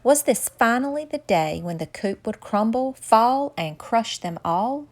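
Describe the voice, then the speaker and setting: A woman's voice: fairly high pitch, expressive, unhurried, a little mellow. A woman reading a children's picture book aloud with dramatic, suspenseful narration. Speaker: storyteller. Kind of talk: storybook read-aloud.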